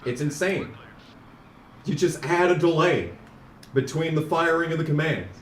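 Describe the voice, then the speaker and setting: A man streaming a racing game, chatting casually and ranting sarcastically, sometimes mocking a fast auctioneer. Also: on the high side, roomy sound, distant mic. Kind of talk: casual live-stream commentary.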